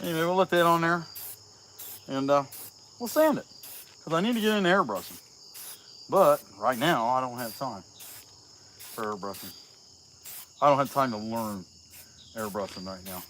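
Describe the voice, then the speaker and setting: A middle-aged man, a chainsaw carver, chats casually on a livestream from his outdoor workshop as he carves, reading viewer comments aloud in a relaxed way. His mid-range voice is fairly bright, with lively intonation, a moderate pace, and frequent pauses. He sounds a little sniffly from a cold, and there's slight background noise.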